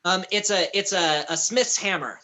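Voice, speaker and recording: Woman player, low and bright, hesitant, casual tabletop talk. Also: moderate pace. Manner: hesitant, with fillers and restarts. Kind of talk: tabletop game play, casual.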